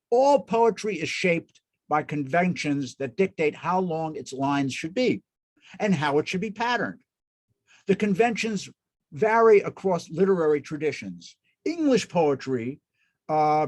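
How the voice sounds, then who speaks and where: A man's voice: on the high side, darkish tone. A man lecturing as a cantor in an informal talk, enthusiastic and often restarting his sentences. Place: synagogue hall.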